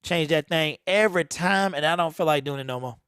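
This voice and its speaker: A man's voice: a little high, fairly quick, a bit bright, smooth, no room sound, clean studio sound. A man hosting a live-stream watch party, chatting casually with viewers and calling plays over the broadcast. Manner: laid-back, chatty, answers viewers' comments.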